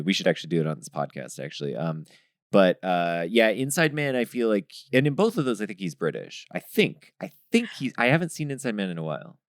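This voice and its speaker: A man with a very low voice chats easily on a podcast, his pitch rising and falling freely. He often starts over mid-sentence, and the recording is dry and close. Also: no room sound. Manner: easygoing, hesitant restarts. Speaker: podcast host. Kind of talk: casual podcast chat.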